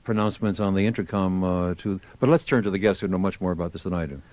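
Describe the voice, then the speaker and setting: Deep voiced guy hosting a call-in radio show, dry dullish audio. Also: fast, a little mellow, dry recording, highs cut off.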